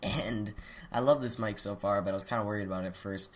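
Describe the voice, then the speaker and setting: A man's voice: on the low side, quick pace. A young man hosting his gaming channel, chatting loosely through a weapon review on a desktop mic, stopping to excuse his hiccups and coughs. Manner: chatty, rambling, self-interrupting. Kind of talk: casual game commentary. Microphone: desktop USB mic.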